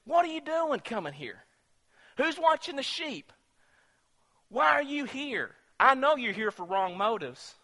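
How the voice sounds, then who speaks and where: A man's voice: very high voice, big pitch swings, unhurried, pushed and bright, voice pushed up, heavily acted. A man acting out a jealous older brother who angrily accuses his younger sibling. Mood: accusing. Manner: accusing, scolding.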